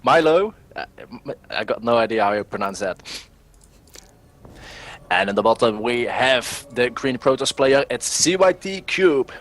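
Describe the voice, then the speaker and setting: A man's voice: mid-range voice, a little slow, fairly bright tone. A man co-casting a strategy game match in an easygoing, joking way. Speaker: co-caster. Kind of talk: casual esports commentary.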